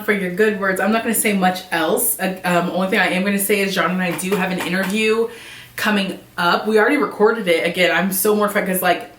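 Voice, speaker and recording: A woman's voice: on the low side, fairly bright tone, distant mic. A woman vlogger chatting casually to camera, upbeat and rambling with fillers. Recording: roomy echo, a little off-mic.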